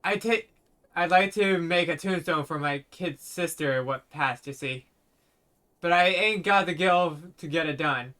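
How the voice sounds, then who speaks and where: A man reading out a young village boy in a fantasy game, speaking in a quiet, halting, folksy rural dialect. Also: a little high. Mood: pleading.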